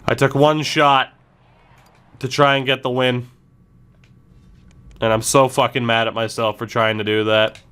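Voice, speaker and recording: A man's voice: medium pitch, flat delivery, unhurried, long pauses, a bit bright, clean tone. Frustrated, swearing gaming streamer man. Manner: frustrated, swearing, self-blaming rants. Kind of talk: live gameplay commentary.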